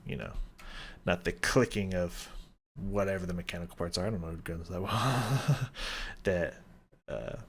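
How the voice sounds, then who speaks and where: A man's voice: sits low, creaky, slight background noise. Rambling man scatting beats aloud. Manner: rambling, filler-heavy, scats rhythms aloud. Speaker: music reaction host. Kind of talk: casual music commentary.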